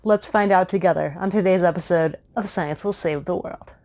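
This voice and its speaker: A woman's voice: on the low side, moderate pace, darkish tone. A young adult woman hosting a science lesson for children, bubbly, chatty and playful as she shows her rock collection and explains a hands-on experiment. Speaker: science show host.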